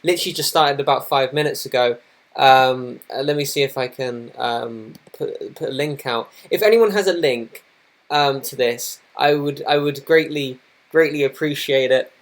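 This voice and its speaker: A young man live streaming at his computer chats casually, flustered and apologetic, rambling with many restarts. His voice is medium-pitched at a moderate pace, with a noisy laptop fan in the background.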